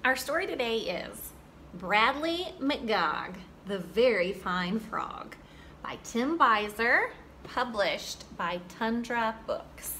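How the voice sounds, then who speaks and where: A woman hosting a children's program and reading a rhyming picture book aloud with an expressive, rhythmic delivery. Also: on the high side, slow, slight background noise. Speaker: children's storyteller host.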